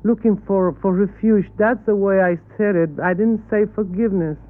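A woman from Cuba, a native Spanish speaker with a Cuban Spanish accent, answering questions earnestly in halting English and correcting her questioners. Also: medium pitch, fairly even intonation, no echo. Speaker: interview guest. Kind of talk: televised panel interview. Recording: tinny archival broadcast audio.

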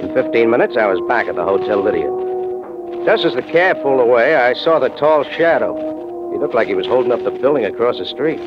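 A man with a medium-pitched, expressive voice speaks a little fast in a lightly acted style, playing a hard-boiled American who narrates his own case with dry wisecracks, 1940s radio-drama fashion. He's the narrator and lead, heard through a dull old radio recording with music behind him.

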